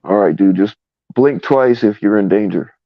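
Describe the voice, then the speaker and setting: A man's voice: lowish voice, moderate pace, no echo, muffled recording. A man hosting a casual livestream chat, laid-back and joking, swearing casually. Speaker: channel host.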